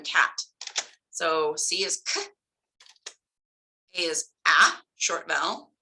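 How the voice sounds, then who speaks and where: A woman talks through phonics lessons in a patient, step-by-step way. Her voice sits low and comes across bright and forward, with a gravelly edge. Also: poor audio. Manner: patient, explains step by step with examples. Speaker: tutor trainer. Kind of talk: instructional talk.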